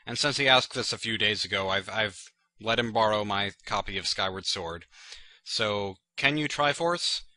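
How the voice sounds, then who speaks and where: A man's voice: on the low side, steady tone, moderate pace, bright, forceful tone, no echo. A man hosting his channel, answering viewer questions in a rambling, casual chat full of fillers and self-deprecating jokes. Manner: rambling and chatty, full of "like" and "you know".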